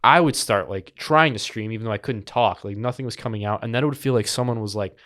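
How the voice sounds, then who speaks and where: A man's voice: on the low side, fast, fairly bright tone. Young man recounting a scary episode. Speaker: podcast co-host. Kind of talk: casual chat.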